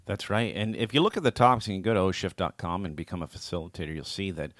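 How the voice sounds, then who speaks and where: A man's voice: low voice, fast talker, fairly bright tone, no echo, studio quality. A man co-hosting a podcast in casual chat, upbeat and chatty, often restarting his sentences. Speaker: podcast co-host.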